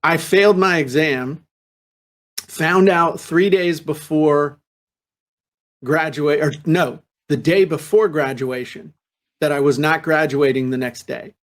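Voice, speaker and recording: A podcast host, a man talking in a casual, animated way, often restarting and repeating himself. His voice sits a bit high for a man, and he laughs easily. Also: takes it slowly. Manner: animated storyteller who repeats words and restarts. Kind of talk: casual chat.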